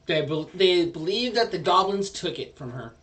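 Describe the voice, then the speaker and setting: A man's voice: sits high, lively intonation, moderate pace, a bit bright, recorded from a distance. A man narrating a tabletop game as dungeon master, rambling and hesitant.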